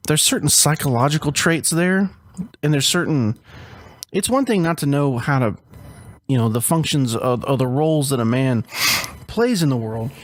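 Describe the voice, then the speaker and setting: A man co-hosting a podcast, arguing his points in casual chat with a halting, opinionated manner. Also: mid-range voice, dry recording. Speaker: podcast co-host.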